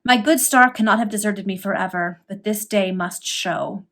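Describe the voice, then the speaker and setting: A woman voicing a pompous, ruined Victorian gentleman who flatters and schemes in an ingratiating, overly familiar way. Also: medium pitch, moderate pace. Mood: hopeful.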